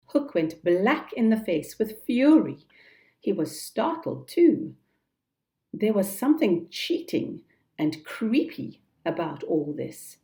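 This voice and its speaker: A woman narrating a children's storybook in a calm, measured, deliberate reading. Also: medium pitch. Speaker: storybook reader.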